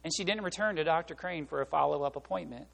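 A male pastor delivering a sermon, animated and conversational, acting out quotes and voices as he goes. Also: on the high side, fast talker, creaky. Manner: animated, acts out voices and quotes, laughs along. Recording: long reverb of a large hall.

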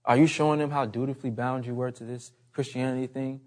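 A man's voice: mid-range voice, fairly even intonation, fast talker, a little mellow. A man preaching a sermon in an earnest, emphatic way, repeating his key phrases.

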